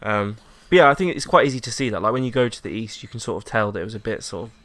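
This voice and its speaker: A young English man in casual podcast chat, animated, acting out the people in his story. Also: lowish voice, rapid-fire. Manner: animated storyteller, acts out quotes, laughs often. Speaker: podcast co-host.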